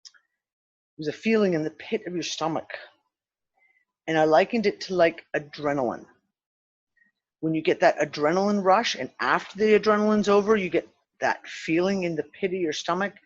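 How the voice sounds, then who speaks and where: A woman hosts a spiritual discussion show, telling a story in casual conversation with a fairly low voice at normal speed, broken by long pauses. She's animated and profane, acting out the quotes. The lo-fi sound is slightly dull.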